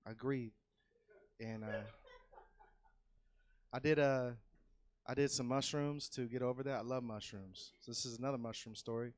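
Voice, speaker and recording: A man doing a loose, profane stand-up set on a comedy club stage, swinging from easy chatter into loud yelled bits. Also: mid-range voice, steady tone, normal speed, long pauses, no echo. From California.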